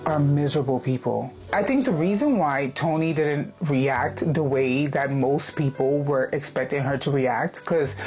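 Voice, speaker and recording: Low-pitched woman vlogger with reflective commentary and soft music underneath. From lives in the UK, not British-born. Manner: reflective, many "like" fillers. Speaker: commentator reacting to a video. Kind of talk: casual commentary vlog.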